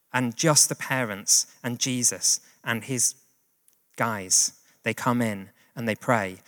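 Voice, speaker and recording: A man's voice: medium pitch, fairly bright tone. A man preaching a sermon in a conversational, plain-spoken way with casual asides. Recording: long hall reverb.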